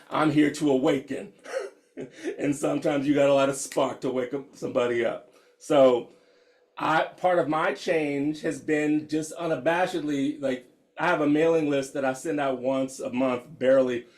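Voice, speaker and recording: A man in his fifties teaches meditation in a loose, candid way and laughs freely between points. His voice sits a little high for a man. He reads out comments from the people on the call as he goes. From United States. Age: 50s. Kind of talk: casual teaching talk.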